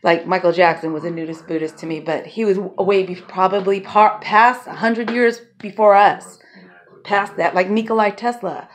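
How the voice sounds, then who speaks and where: A woman's voice: medium pitch, normal speed. A woman vlogger talking to camera in a loose, rambling way, laughing often and swearing freely. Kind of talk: casual rambling monologue to camera.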